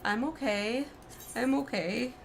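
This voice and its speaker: A young woman with a slightly high voice streams a game and reacts out loud to every moment. She talks to herself expressively between the scenes. A faint steady hum sits under her voice. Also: takes it slowly, vocal fry. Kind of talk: emotional let's-play reaction.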